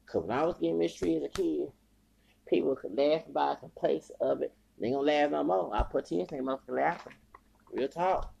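Gravelly, husky man ranting heatedly. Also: a little high, a little mellow. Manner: heated, profane ranting with repetition. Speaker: podcast host. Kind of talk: angry podcast rant.

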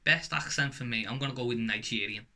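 A man's voice: mid-range voice, quick pace, pushed and bright. Blunt, sweary young man. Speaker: podcast co-host. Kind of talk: casual banter.

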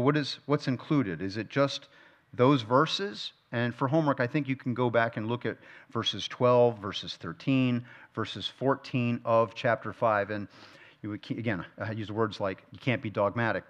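A man's voice: lowish voice, dull audio. Man teaching Scripture with rhetorical questions. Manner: asks the listeners frequent rhetorical questions; repeats key phrases for emphasis. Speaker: Bible teacher. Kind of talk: verse-by-verse Bible study teaching.

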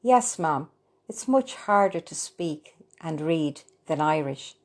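Woman reading young daughter, eager, affectionate, storybook, low voice. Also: lively intonation, slow, darkish tone, full character voice.

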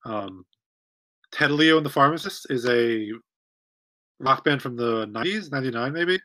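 A man co-hosting a casual music podcast, giving relaxed, easygoing opinions on a song. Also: medium pitch, moderate pace. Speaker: podcast co-host. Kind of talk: casual music review chat.

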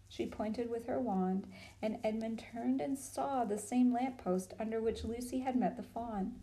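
A woman narrating a storybook aloud in a calm, measured way. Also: a little high, rough recording.

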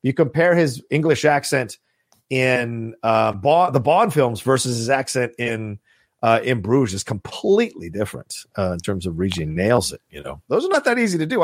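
A man's voice: mid-range voice, very animated, moderate pace, no room sound, studio quality. A man co-hosting a podcast over a video call, chatting casually, rambling and swearing. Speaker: podcast co-host. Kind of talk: casual chat.

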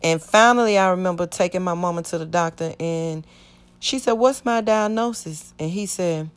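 Middle-aged woman, low-ish voice, earnest rambling testimony, voices the people in her story. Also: brisk, clean tone. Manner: earnest, rambling, acts out quoted speech. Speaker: church member giving testimony.

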